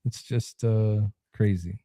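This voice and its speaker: A man hosting a veterans podcast with a dark, mellow voice. He rants bluntly and freely swears in casual chat, recorded dry and close. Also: lowish voice, slow pace, no echo. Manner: blunt, profane, animated ranting. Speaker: podcast host.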